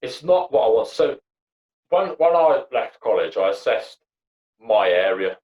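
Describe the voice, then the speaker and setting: A man's voice: medium pitch, sing-song, measured pace, darkish tone. A young man, a podcast guest chatting casually, blunt and sweary, rambling with lots of fillers. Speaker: podcast guest, comedy actor and writer. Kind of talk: casual chat. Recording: dull lo-fi sound.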